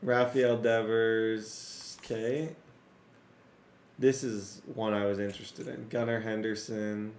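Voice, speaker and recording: Excitable gaming streamer, strained voice. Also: male voice, fairly low pitch, echoey room, a little hiss or hum. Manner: excitable, talks to viewers, rattles off player names. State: voice strained and cracking. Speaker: gaming YouTuber. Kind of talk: casual gameplay commentary.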